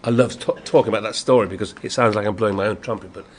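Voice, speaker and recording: An older Yorkshireman chats as the guest in an interview, slipping into the voices of people he quotes and laughing between lines. His voice sits low, and a faint hum of a convention room lies under it. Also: racing. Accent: Yorkshire English. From Yorkshire, England. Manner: lively storyteller, acts out quotes, laughs often. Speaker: guest actor. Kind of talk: anecdotal interview chat.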